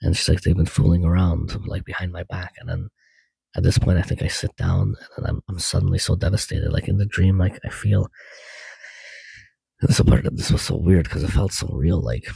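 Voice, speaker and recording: A deep, gravelly man rambles through a dream he had, stacking up "like" and restarting his sentences as he goes. His voice is husky and mellow, recorded close and dry. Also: expressive, a little fast, no echo, poor audio. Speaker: dream journal vlogger. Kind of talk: casual dream retelling.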